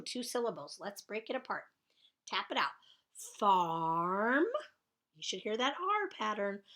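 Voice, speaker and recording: Woman, primary teacher, encouraging, stretches each sound, animated intonation. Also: mid-range voice. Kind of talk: slow spelling dictation for young children.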